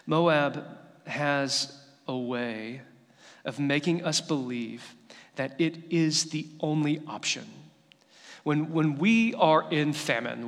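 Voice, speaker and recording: A man's voice: fairly high pitch, a bit bright, in a large hall. A male pastor giving a sermon, telling stories in an earnest, conversational way.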